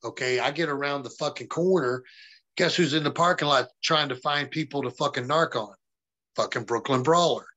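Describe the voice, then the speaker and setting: Man, interview guest, blunt, profane storyteller, bright forceful voice, mid pitch. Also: moderate pace, poor audio. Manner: profane, blunt, quotes others in dialogue. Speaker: interview guest, former pro wrestler.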